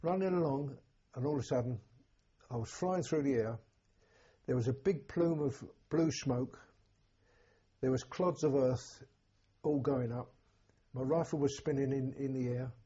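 An older English man, a war veteran, telling an oral history in a halting, plain-spoken way with a husky voice. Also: medium pitch, dark tone, dull audio. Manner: halting, plain-spoken storytelling with many restarts. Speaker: war veteran recounting memories.

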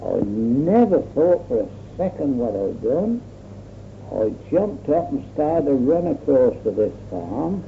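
A man's voice: mid-range voice, sing-song, takes it slowly, vocal fry. An older man telling his own war memories in a rambling, plainspoken way. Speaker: war veteran. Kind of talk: oral history recollection. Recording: tinny lo-fi old recording with faint hiss.

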